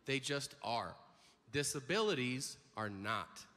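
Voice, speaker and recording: A man's voice: medium pitch, expressive, takes it slowly, bright, forceful tone. A man performing a stand-up comedy set in a large venue, crude and punchy, often laughing through his lines. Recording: hall reverb and audience noise from a played clip.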